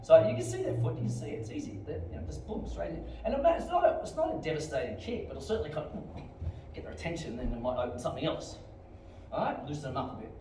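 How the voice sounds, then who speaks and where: A middle-aged man with an Australian accent teaching a martial arts class, explaining techniques and barking sharp commands and kiai shouts. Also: fairly high pitch, big pitch swings, quick pace. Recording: very echoey hall, distant mic, faint room noise.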